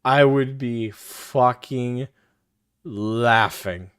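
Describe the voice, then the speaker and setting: A man's voice: mid-range voice, extremely slow, smooth, dry recording, clean studio sound. A male live-stream host reacting to a clip, profane and mocking, laughing often as he talks.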